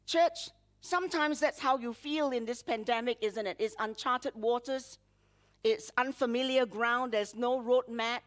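A woman's voice: on the high side, measured pace. A woman pastor preaching a sermon, dramatically acting out prayers with rising emphasis and laughing between phrases.

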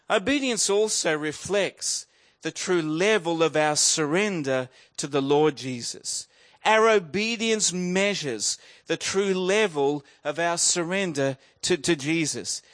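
A man's voice: a little high, a bit bright. A man in his fifties preaching a sermon in an earnest way, repeating key phrases for emphasis. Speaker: pastor.

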